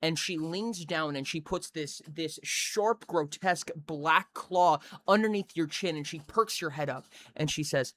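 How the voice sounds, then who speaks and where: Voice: medium pitch, moderate pace, a bit bright. A game master narrating a tabletop game scene by scene, vivid and building detail.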